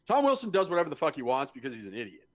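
A man co-hosting a sports talk show, with a slightly higher-than-usual voice. He breaks the game down in a blunt, analytical way and drops curse words freely in casual back-and-forth. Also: huge pitch swings, racing. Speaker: podcast co-host.

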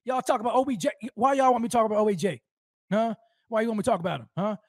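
A man's voice: high-pitched, lively intonation, very fast, no room sound, studio quality. A man hosting a live sports fan show, hyped and rambling, with slangy street talk and lots of repeats.

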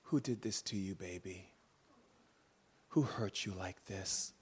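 A man voicing a gentle mother who speaks softly and lovingly to someone who hurt her. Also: low voice, takes it slowly, husky, pitched below the performer's own voice, heavily acted. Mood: tender. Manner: soft, tender, hushed.

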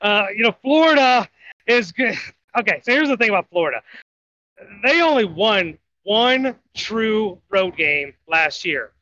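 A man's voice: high voice, lively intonation, a little slow, pushed and bright, dry recording. A man co-hosting a sports betting podcast, rambling through his college football and baseball picks in casual talk. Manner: rambling, self-correcting picks. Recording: dull lo-fi audio.

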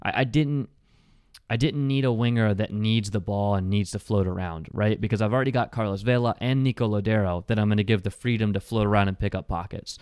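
A man co-hosting a relaxed sports chat, his voice low and smooth. He talks in quick, chatty runs full of fillers and little asides. The sound is dry and close. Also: dry recording. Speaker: podcast co-host.

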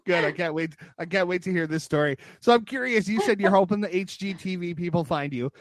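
A man with a somewhat high voice hosting a casual podcast interview. He has a friendly, teasing manner with his guest. He is recorded dry and close, with no room sound. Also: fairly quick, dry recording. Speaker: podcast host.

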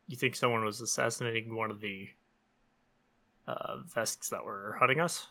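A man's voice: lowish voice, steady tone, normal speed, pushed and bright. A man playing in a tabletop game, asking questions in an unsure way. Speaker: player. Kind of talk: casual tabletop game talk.

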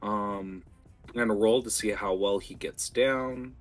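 A man running a tabletop game as game master, talking in a lively, rambling way with fillers. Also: on the low side, measured pace, soft background music.

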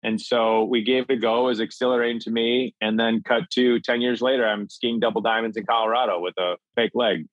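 A man's voice: mid-range voice, fairly quick, few pauses, dry recording, muffled recording. A middle-aged man from Minnesota, a podcast guest telling a personal story in an earnest, candid way. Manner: earnest, animated when acting out quotes.

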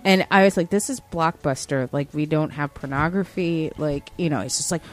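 A woman's voice: low voice, normal speed, hardly any pauses. A woman in her thirties casually telling a story, mimicking the people in it with lots of "like" fillers. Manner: animated, acts out customers in quoted voices, many "like" fillers. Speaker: podcast co-host telling a retail story.

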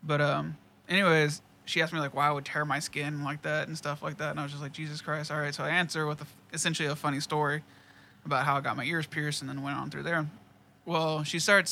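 A man's voice: on the high side, level tone, a little fast, vocal fry, pushed and bright. A man, casually telling a profane work story with lots of quoted dialogue and laughter. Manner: laid-back, profane, laughs often, quotes people in dialogue.

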